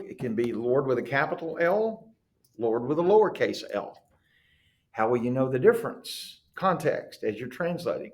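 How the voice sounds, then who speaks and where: A man's voice: mid-range voice, a little mellow, roomy sound. A man teaching a class, explaining patiently and checking in with the students. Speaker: Greek teacher. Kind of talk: classroom lecture.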